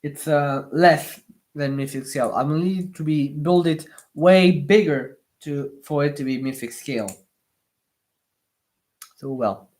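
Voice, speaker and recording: A live streamer chatting casually while building with LEGO, answering viewer comments in slightly awkward non-native English, with lots of pauses and restarts. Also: mid-range voice, darkish tone. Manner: hesitant, many fillers and restarts.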